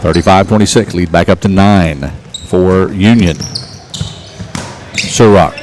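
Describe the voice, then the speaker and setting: A man calling local basketball play-by-play, getting excited and shouting on big plays. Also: deep voice, a little slow, slight background noise. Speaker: play-by-play announcer.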